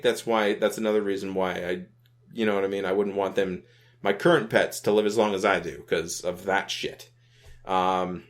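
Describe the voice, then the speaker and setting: Rambling laid-back young man gamer. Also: lowish voice. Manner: rambling and laid-back, keeps adding "you know what I mean", swears casually. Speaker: gaming video host. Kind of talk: casual commentary on a browser game.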